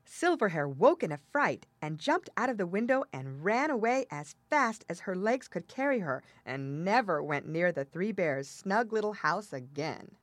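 A woman narrating a children's fairy tale in a measured storytelling manner. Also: mid-range voice, very animated, dry recording. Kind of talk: storybook reading.

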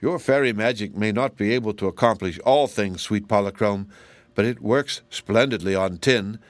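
A man's voice: fairly low pitch, normal speed, no echo, lightly acted. A man doing a proud strutting tin emperor. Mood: delighted.

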